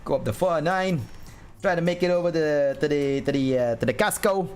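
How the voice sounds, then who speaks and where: A man's voice: a little high, a little fast, a little mellow, faint music behind, lightly acted. A man doing a jokey mock-Australian bloke. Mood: joking. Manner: exaggerated playful accent impression.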